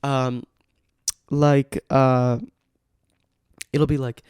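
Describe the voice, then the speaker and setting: Extremely slow, with long pauses, a young man hosts a casual solo podcast, drifting through tangents in a self-mocking way. His medium-pitched voice is flat, smooth, and a little mellow, captured with a studio microphone in echo-free studio quality.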